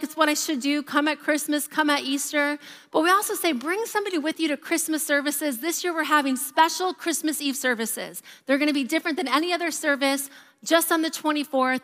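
A woman in her thirties, a pastor giving a sermon and telling stories with a lively, varying pace. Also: high-pitched. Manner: lively storytelling, varied pace. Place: church auditorium. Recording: reverberant church hall.

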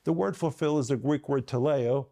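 A man hosting a televised Bible teaching, speaking emphatically and slowing down to stress key words. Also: mid-range voice, dark tone. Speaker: Bible teacher and program host.

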